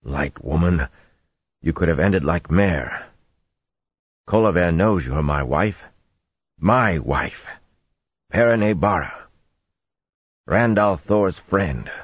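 A man playing a gruff, blunt young husband who talks in an earnest growl, on a dull lo-fi audiobook recording. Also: deep voice, lively intonation, takes it slowly, pauses often, dry recording, heavily acted. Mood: urgent.

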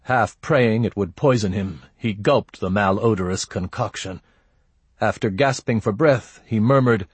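Husky man narrating a story. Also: fairly low pitch, unhurried, no echo. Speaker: audiobook narrator. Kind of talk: scripted narration.

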